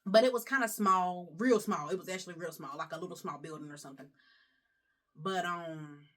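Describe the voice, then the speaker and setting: Young female vlogger, low-leaning voice, emotional and rambling casual chat. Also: a little fast, a bit bright.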